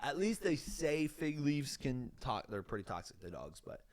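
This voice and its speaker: A man's voice: medium pitch, sing-song, normal speed, darkish tone, a little hiss or hum. A young man co-hosting a podcast, chatting casually and rambling with restarts. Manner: laid-back, rambling, laughs often, restarts phrases. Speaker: podcast co-host. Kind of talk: casual chat.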